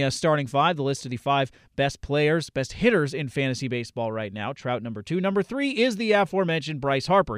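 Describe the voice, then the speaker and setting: A man with a slightly high voice hosts a fantasy baseball show, running through player numbers in a brisk list. He drops deadpan asides between the stats. The recording is close and dry, with no room sound. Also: dry recording. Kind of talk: stats rundown on a podcast.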